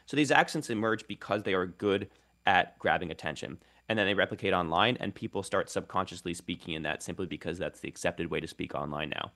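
A man's voice: sits low, a little fast, pushed and bright. A man who is a linguist and content creator, explaining ideas articulately as a radio interview guest.

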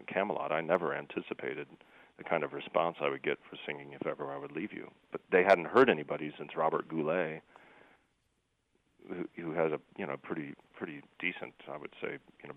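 A man's voice: rumbling low, creaky, no room sound, phone-quality sound. A man who sings opera, talking in a rambling conversational way with many fillers and restarts. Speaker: opera singer. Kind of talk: casual conversation.

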